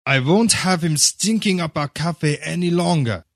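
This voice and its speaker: A man's voice: on the high side, measured pace, dry recording, clean studio sound, voice pushed up. A man voicing a hostile female waitress who hisses her words. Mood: furious. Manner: hissing and venomous.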